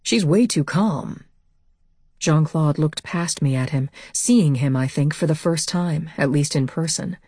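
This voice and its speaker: A woman's voice: low-pitched, steady tone, unhurried, few pauses, dark tone, no room sound, studio quality. A woman reading a first-person novel aloud as audiobook narrator, with an intense delivery.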